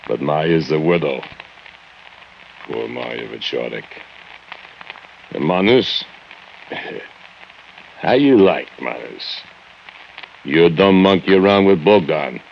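A deep, brooding foundry laborer in broken English. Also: male voice, creaky, slight background noise, full character voice. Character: brooding immigrant foundry laborer, drunk and bitter. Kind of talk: 1940s radio acting. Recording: dull lo-fi old radio recording with music.

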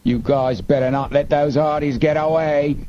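A man's voice: on the high side, steady tone, normal speed, dark tone, voice pushed up, close to an everyday voice. A man voicing a menacing male smuggler boss who speaks in threats. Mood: threatening. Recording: muffled lo-fi with faint hiss.

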